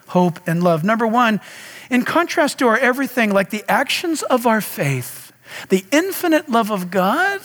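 A man's voice: very high-pitched, fairly bright tone, long reverb tail. A man preaching a sermon as pastor, talking straight to his congregation with passion. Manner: impassioned preaching, direct address to congregation.

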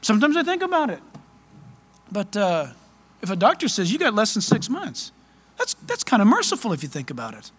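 A man preaching a sermon as pastor, fervent, loud and excited. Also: very high-pitched, fast, slightly rough, big-room sound.

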